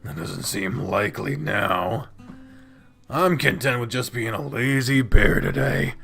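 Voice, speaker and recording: A man voicing a big, affectionate, lazy male bear in a game, speaking gently and teasingly. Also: mid-range voice, unhurried, gravelly, faint music behind. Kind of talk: voiced game dialogue.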